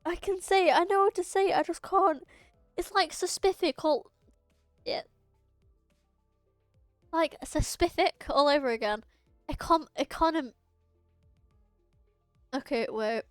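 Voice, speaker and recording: A woman's voice: high voice, unhurried, long pauses, no room sound, soft background music. Chatty young woman streaming a game. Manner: chatty, rambling, with many restarts. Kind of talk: casual live-stream chat.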